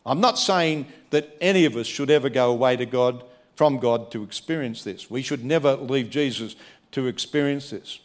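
A man preaching a sermon, emphatic, moving between quiet asides and a raised voice. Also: mid-range voice, moderate pace. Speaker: pastor.

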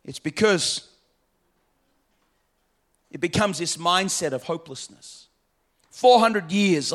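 A pastor preaching a sermon in a church, with emphatic, repetitive preaching that swings from quiet, low passages to loud, half-sung climaxes. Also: male voice, expressive, slow pace, long pauses.

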